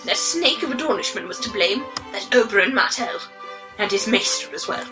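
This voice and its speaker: A woman voicing a blunt, sharp-tongued elderly noblewoman who scolds freely, with music underneath. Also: mid-range voice, lively intonation, moderate pace, natural voice, low-quality recording.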